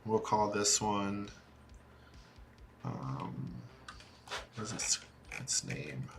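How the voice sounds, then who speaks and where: A man streaming a quiet coding study session, talking to himself in halting bits as he works. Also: fairly low pitch, expressive, gravelly, background noise. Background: soft music and keyboard typing.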